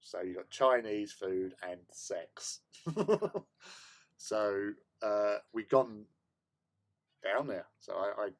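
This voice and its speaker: A man's voice: on the low side, extremely slow, long pauses. A man, hosting a casual hobby stream, tells a story with lots of laughter and stammered repeats. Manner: animated, laughs often, stammers and repeats words. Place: home hobby room.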